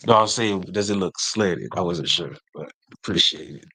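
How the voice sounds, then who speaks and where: A man with a somewhat low voice hosts a podcast in relaxed, easygoing chat. He shrugs off his co-host's teasing. The recording is dry and close. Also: normal speed, husky, no room sound. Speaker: podcast host. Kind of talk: casual chat.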